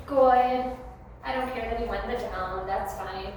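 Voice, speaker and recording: A woman training a dog, talking through the lesson in a chatty, coaxing way, her voice getting a little hoarse. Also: fairly high pitch, steady tone, moderate pace, a little mellow, a little hiss or hum. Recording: very echoey room.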